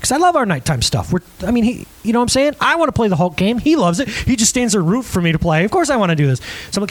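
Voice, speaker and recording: A man delivers a lively sermon to a live audience. His voice sits high and swings widely as he acts out everyday moments and keeps turning to the listeners with quick questions. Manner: animated, acts out scenes in different voices; chatty, asks the crowd questions.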